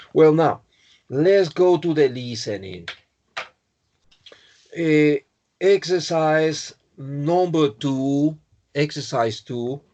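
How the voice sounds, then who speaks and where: Spanish-accented male teacher, English lesson online, unhurried, halting and self-correcting. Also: medium pitch, darkish tone. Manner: halting, repeats and corrects himself, apologetic. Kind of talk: online exam-prep lesson.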